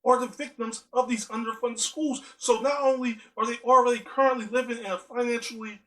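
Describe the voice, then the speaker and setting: High bright-voiced man. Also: steady tone, brisk, poor audio. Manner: earnest, piles up rhetorical questions. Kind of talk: spoken monologue.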